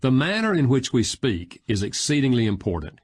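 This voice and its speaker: Husky man reading an audiobook. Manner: measured, expressive reading with lively pitch. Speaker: audiobook narrator. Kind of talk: scripted audiobook narration.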